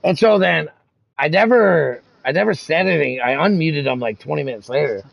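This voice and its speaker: A man in casual voice chat, telling profane, animated stories about racing league rivals. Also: fairly high pitch, brisk, gravelly, no echo, low-quality recording.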